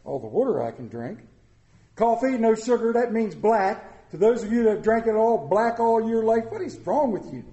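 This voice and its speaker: A man preaching a candid, humorous sermon, swinging from loud jokes to quiet confession. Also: sits high, animated, moderate pace, roomy sound, muffled recording. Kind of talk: conversational sermon.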